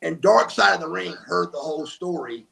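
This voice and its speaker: With crowd noise behind him, an older man speaks at normal speed in a fairly high, animated, creaky voice. He's a former wrestler telling stories as an interview guest, emphatic and acting out what others said.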